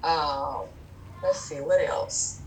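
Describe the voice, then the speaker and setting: A woman's voice: low voice, fairly even intonation, very slow, slight background noise, low-quality recording. A woman guest on a podcast talking about her clothing brand in a casual, chatty way, with many fillers and laughs.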